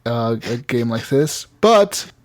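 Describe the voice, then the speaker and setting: A man's voice: mid-range voice, moderate pace, a little mellow. A man hosting a gaming podcast, chatting casually, rambling with frequent laughs and swearing. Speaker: podcast host.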